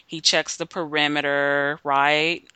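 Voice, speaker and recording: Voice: mid-range voice, level tone, slow pace, bright, forceful tone, smooth, dry recording. A podcast co-host from the American South, chatting bluntly and jokingly about a film. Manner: blunt, joking, swears offhandedly. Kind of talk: casual film discussion.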